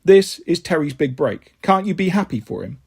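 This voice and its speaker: A man voicing a stern female friend who scolds in a measured tone. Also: fairly high pitch, big pitch swings, vocal fry, slightly rough, full character voice. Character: stern, disappointed woman friend.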